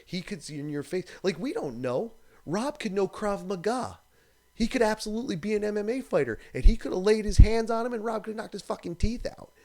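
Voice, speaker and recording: A man's voice: high-pitched, animated, fairly quick, warm tone. A man hosting a live stream, ranting in a casual, profane, exasperated way.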